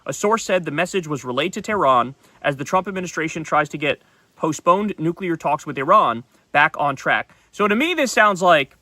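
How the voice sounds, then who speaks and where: A male political host delivers solo commentary in a blunt, heated manner with frequent profanity. His voice sits a little high and sounds bright and sharp. The recording is dry and close, with no room echo. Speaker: political talk show host.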